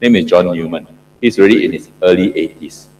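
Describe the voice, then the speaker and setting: Speaking fairly quickly in a deep, darkish voice, this middle-aged professor from Singapore gives an interactive lecture about PhD supervision, regularly questioning his audience and repeating points for emphasis. The mic sits far away, picking up a little hiss or hum along with the echo of a spacious lecture hall.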